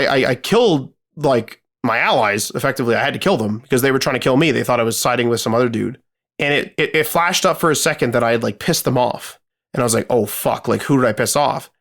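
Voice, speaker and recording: A man telling a gaming story as a podcast co-host keeps things casual, rambling with many fillers and swearing freely. His voice is medium-pitched and fairly bright.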